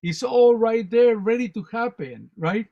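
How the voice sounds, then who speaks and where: A man, a guest on a spiritual talk show, telling stories in an animated, rambling way and often repeating words. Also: extremely high pitch, a little slow. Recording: dull lo-fi online radio audio.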